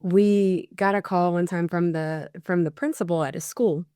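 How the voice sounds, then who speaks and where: A bereaved mother in her forties, appearing as a podcast guest, tells stories in casual chat and brings the people she quotes to life. Her lowish voice is clean and moves at normal speed, in a dry, studio-quality recording.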